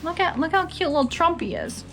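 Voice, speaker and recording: A woman's voice: very high voice, lively intonation, fairly quick, a bit bright, echoey room, soft background music. A woman co-hosting a podcast in a casual, playful chat, giggling and putting on a jokey announcer voice. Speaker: podcast co-host.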